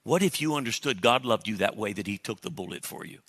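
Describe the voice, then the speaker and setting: Bright-voiced preacher in a reverberant hall. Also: male voice, lowish voice, fast. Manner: animated preaching with jokes and acted-out prayers. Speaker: pastor. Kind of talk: sermon.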